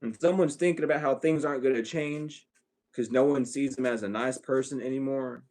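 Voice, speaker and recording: A man's voice: mid-range voice, a little fast, a little mellow. A man giving a blunt, profane, ranting spiritual reading to his viewers as an online psychic reader.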